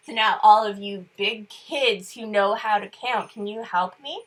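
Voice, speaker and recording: A woman reading a picture book to young children in an animated voice, coaxing them to count and whisper along. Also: mid-range voice, unhurried, hardly any pauses. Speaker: children's story reader.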